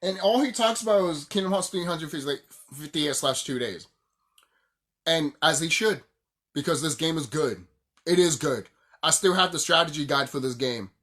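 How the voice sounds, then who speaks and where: A man's voice: a little high, normal speed, fairly bright tone. A young man ranting casually about video games, heated and profane, laughing often and repeating his points.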